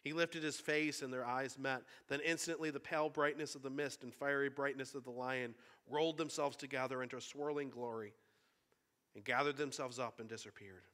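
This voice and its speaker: A man's voice: mid-range voice, fairly even intonation, normal speed, fairly bright tone. A man preaching a sermon, retelling a story in an earnest, conversational way.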